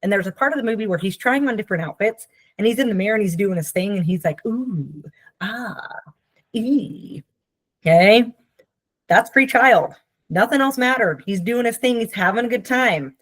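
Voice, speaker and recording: A woman therapist with a mid-range voice talks a little fast, explaining ideas in a casual, conversational teaching style with no room sound. She often checks in with "Okay?" and playfully acts out the people she quotes.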